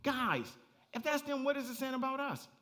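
A man preaching a sermon as pastor, animated and conversational, rising to near-shouts and breaking into laughing asides. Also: very high voice, moderate pace.

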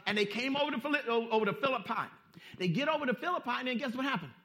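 A male pastor preaching a sermon, emphatic and folksy, repeating phrases and swinging between hushed and loud. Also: very high-pitched, animated, racing. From Southern California. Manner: folksy street-style preaching.

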